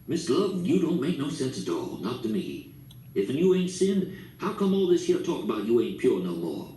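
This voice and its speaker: A man's voice: mid-range voice, very animated, moderate pace, mellow, natural voice. A man voicing a stubborn old storekeeper who talks bluntly in folksy dialect. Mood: exasperated. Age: older. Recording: echoey room, distant mic, faint hiss.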